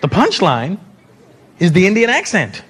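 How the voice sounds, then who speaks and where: A man from Canada doing stand-up comedy, telling animated stories and slipping into quoted voices. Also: sits high, unhurried. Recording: live show with loud crowd noise. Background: laughing crowd.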